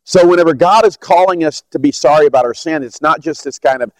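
A man's voice: fairly high pitch, quick pace, darkish tone. A man with a slightly raised voice teaches a Bible lesson in a conversational way. He acts out little exchanges as he explains and often restarts his sentences. The sound is close and dry, with no room echo. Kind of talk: teaching Bible study method.

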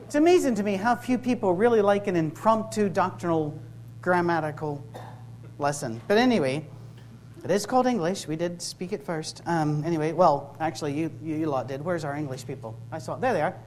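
A middle-aged man with a Scottish accent giving a humorous sermon-style talk to a live audience, conversational and full of quick asides. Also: on the high side, lively intonation, a little mellow. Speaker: campus ministry speaker. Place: workshop room with a live audience.

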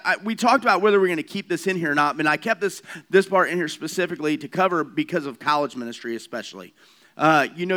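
A man's voice: sits high, a bit bright. A man in his thirties, a pastor, giving a casual talk and acting out bits of dialogue as he goes. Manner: chatty, acts out dialogue, many restarts. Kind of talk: casual sermon-style talk.

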